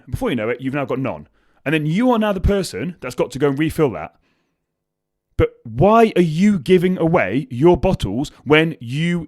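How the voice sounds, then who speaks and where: Young male podcast host, lively pitch, casual and profane motivational talk. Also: fairly quick, dry recording. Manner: swears freely, animated storytelling with acted quotes.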